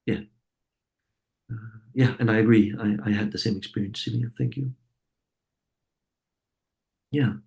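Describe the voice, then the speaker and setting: A man's voice: on the low side, fairly even intonation, measured pace, vocal fry, pauses often, darkish tone. A man leading a facilitator training session, thinking aloud and often repeating words as he walks the group through a session.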